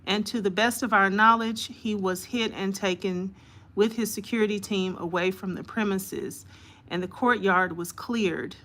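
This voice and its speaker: A woman hosting a live stream reads news reports aloud haltingly, with lots of fillers, and greets her viewers by name. Her voice is medium in pitch, steady and fairly bright.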